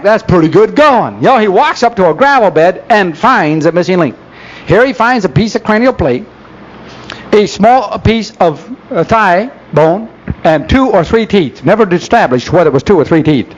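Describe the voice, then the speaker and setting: Guy lecturing in a church, high lively voice, sarcastic and folksy, dull old tape. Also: a little hiss or hum. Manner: folksy, sarcastic, rhetorical questions. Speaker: speaker.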